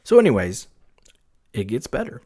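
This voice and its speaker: Man, podcast host, mid-pitched voice, casual storytelling, rambling, lots of fillers and restarts. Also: normal speed, breathy edge. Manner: rambling, full of "like" and "you know", many restarts, animated.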